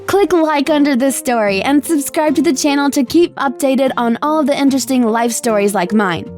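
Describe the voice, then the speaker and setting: A young woman narrating a first-person animated story in a scripted, emotive storytelling delivery. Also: high voice, moderate pace, soft background music.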